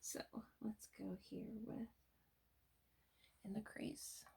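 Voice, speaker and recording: A middle-aged woman talking casually through her makeup routine, often dropping to a soft whisper. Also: medium pitch, flat delivery, slow pace, gravelly, slightly rough. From United States. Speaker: beauty vlogger. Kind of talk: casual get-ready-with-me makeup talk.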